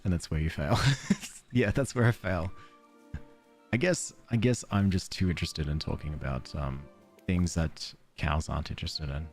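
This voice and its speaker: At a moderate pace and with faint music in the background, an Australian man in a deep voice plays a game on stream. His chat is casual and wandering, self-deprecating and punctuated by chuckles, and he reads viewers' messages aloud.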